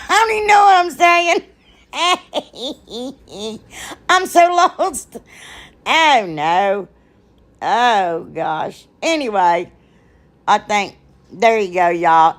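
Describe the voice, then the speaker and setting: A woman hosting a crafting tutorial in chatty voice-over, rambling and teasing herself, often trailing off with a giggle and calling her viewers "y'all.". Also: fairly low pitch. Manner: loose and giggly, trails off mid-sentence. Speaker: craft channel host.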